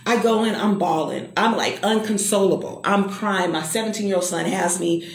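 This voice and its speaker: A woman's voice: medium pitch, moderate pace, vocal fry, reverberant. A middle-aged woman giving an emphatic, preacher-like personal testimony and calling out to the listener. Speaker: motivational speaker.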